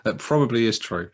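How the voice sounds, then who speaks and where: Husky, swearing man in casual film chat. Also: mid-range voice. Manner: animated, swears freely, laughs often. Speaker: podcast co-host. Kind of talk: casual chat about films.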